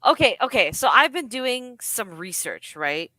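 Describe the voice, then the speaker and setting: A woman in casual podcast chat, eager and asking questions, quick when excited. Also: on the high side, no room sound. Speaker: podcast co-host.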